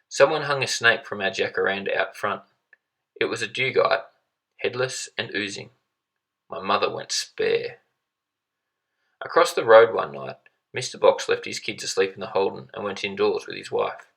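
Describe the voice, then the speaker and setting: A man reads a short story aloud in a low, gravelly voice with a husky edge. His delivery is measured and steady, but the tone stays bright and forward. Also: rough recording. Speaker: reader.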